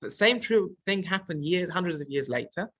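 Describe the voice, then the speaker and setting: A man's voice: sits high, expressive, normal speed, a bit bright, dry recording. A man teaching a text study class, reading Hebrew phrases and explaining them as he goes, with frequent restarts. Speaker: Torah teacher.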